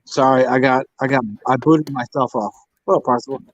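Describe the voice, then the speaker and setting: A man's voice: medium pitch, fairly even intonation, a little fast, lo-fi sound. An American man hosting a casual tarot livestream, rambling and crude, taunting the people who join. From United States. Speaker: livestream host reading tarot.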